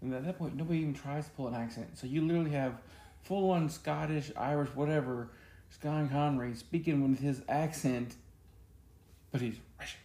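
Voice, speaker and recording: Podcast co-host, male, teasing banter, gravelly and warm-toned, echoey room. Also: fairly high pitch, fairly quick. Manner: joking, teasing. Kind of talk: casual chat. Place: home studio. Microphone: podcast mic.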